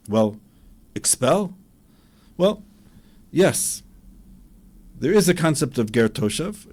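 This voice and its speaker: A man, a rabbi, giving an impassioned Torah lecture and acting out dialogues with a rising voice. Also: medium pitch.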